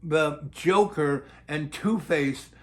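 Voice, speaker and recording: Older man, rambling storyteller, blunt, crude, animated, slightly high voice. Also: slow.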